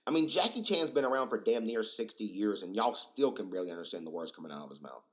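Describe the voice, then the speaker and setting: A young man hosting a casual solo podcast, rambling and profane, excitable and full of fillers. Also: lowish voice, fast talker. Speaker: podcast host.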